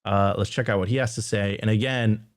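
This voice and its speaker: A man co-hosting a casual live crypto show, talking in a halting way with many fillers. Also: lowish voice, steady tone, no echo, clean studio sound. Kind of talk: casual livestream chat.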